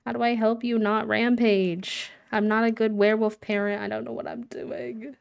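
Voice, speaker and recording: A woman's voice: a little high, level tone, normal speed, creaky, clear, resonant tone. A woman live-streaming a game, chatting casually, giggling and cooing fondly at the characters. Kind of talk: casual chat while playing a life-sim game.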